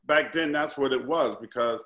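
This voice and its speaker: A man's voice: mid-range voice, normal speed, fairly bright tone. Man, middle-aged, podcast host, conversational, echoey room. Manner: conversational, prompting questions. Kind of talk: casual interview. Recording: roomy echo.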